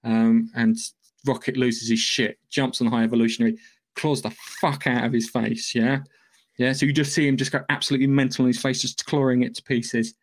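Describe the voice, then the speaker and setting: A man's voice: medium pitch, little pitch movement, fairly quick. A man hosting a podcast, giving a loose, profane, rambling recap of a film's plot in casual chat. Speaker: podcast host.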